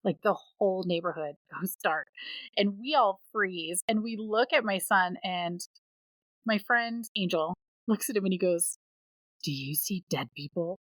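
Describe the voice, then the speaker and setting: A woman in her thirties, a podcast co-host, telling personal stories in a casual, animated way and acting out the voices she quotes. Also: mid-range voice, a little slow, no room sound, poor audio. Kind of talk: casual storytelling chat.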